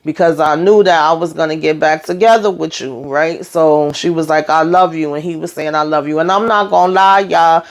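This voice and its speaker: A woman's voice: sits low, fairly even intonation, normal speed, vocal fry, few pauses. A woman hosting her own channel, casually recapping a TV episode in a chatty, emphatic way, talking straight to her viewers. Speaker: TV show recap host.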